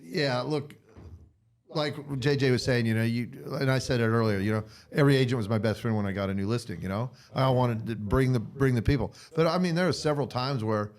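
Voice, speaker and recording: A man's voice: mid-range voice, a little fast. A man, a real estate guest on a podcast, telling a long story in casual chat and acting out both sides of the dialogue. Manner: animated storyteller, acts out dialogue.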